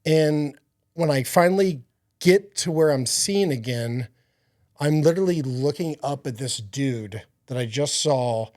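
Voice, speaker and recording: A man's voice: a little high, unhurried, a little mellow, dry recording, studio quality. Earnest rambling man telling his story. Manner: earnest, rambling storytelling with many fillers and restarts. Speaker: podcast guest. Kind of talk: personal faith testimony in conversation.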